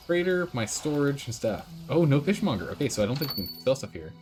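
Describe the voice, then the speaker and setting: Chatty gaming streamer with lively pitch. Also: male voice, quick pace. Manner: chatty, thinking aloud, reads game text. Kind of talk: casual let's-play commentary. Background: game music.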